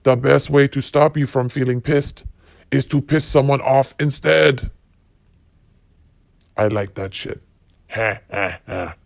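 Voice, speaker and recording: A man's voice: mid-range voice, slow pace, vocal fry, pauses often, no room sound. A man hosting a solo podcast, ranting bluntly and profanely while reading quotes. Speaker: podcast host.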